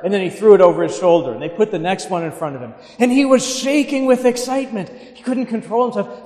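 A Catholic clergyman reading the Gospel in a measured, solemn way, then telling lively anecdotes in his homily. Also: sits high. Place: large church. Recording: echoey church with long reverb.

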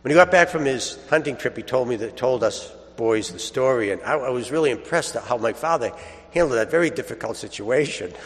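A man giving a sermon as a story, earnest, repeating phrases and lifting his voice for emphasis. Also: medium pitch. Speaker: preacher. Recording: long hall reverb.

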